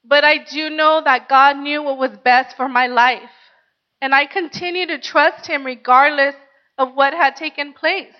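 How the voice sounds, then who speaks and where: High-voiced woman preacher giving testimony. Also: dull audio. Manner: earnest, conversational, frequent "like". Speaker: pastor. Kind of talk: personal testimony sermon.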